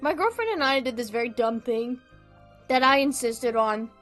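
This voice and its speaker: A woman's voice: on the high side, expressive, moderate pace, a bit bright, faint music behind. A woman streamer in casual livestream chat, rambling along and laughing often.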